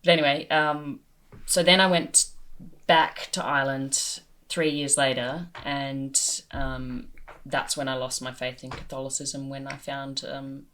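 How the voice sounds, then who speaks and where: A woman's voice: a bass voice, a little slow. Candid, self-deprecating woman comedian. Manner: animated, self-deprecating, swears freely. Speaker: comedian and interview guest. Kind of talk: candid conversational storytelling.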